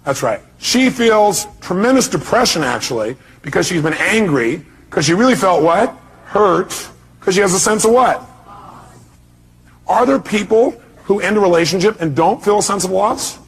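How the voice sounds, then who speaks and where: A man's voice: sits high, animated, moderate pace, husky. Emphatic man quizzing a seminar audience. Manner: emphatic, fires rhetorical questions at the crowd. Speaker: motivational speaker. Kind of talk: seminar talk to a live audience.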